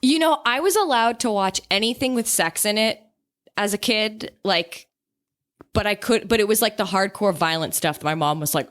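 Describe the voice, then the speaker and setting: A woman's voice: medium pitch, moderate pace, fairly bright tone. A woman guest co-hosting a podcast, chatting bluntly about a film and swearing freely. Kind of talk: casual chat about a film.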